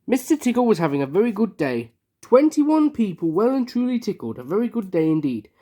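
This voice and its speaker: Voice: mid-range voice, brisk. A reader telling a children's picture-book story aloud, gasping for effect at dramatic moments. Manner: expressive, gasps for effect.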